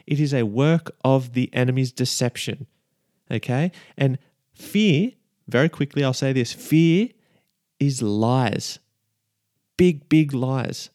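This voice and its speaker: A man's voice: mid-range voice, a little mellow, no room sound, clean studio sound. A man hosting a casual devotional podcast, chatty and repeating his key lines as he checks in with listeners. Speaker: podcast host.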